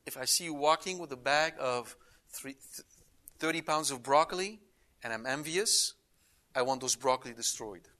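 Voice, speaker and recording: Bright-voiced man teaching scripture. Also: medium pitch, normal speed. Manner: emphatic, reads scripture aloud with rising intensity. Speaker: Bible teacher. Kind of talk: Bible study lecture.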